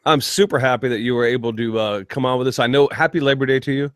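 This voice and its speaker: A man's voice: mid-range voice, steady tone, fast, clean tone, no echo. Upbeat teasing male host, dry sound. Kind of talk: casual podcast chat.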